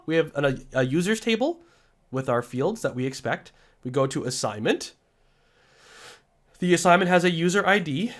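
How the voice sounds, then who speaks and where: A man teaching programming in a screen-recorded tutorial voice-over, talking in an excitable, emphatic, ranting way and sounding slightly sick. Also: a little high, normal speed, long pauses. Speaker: programming instructor.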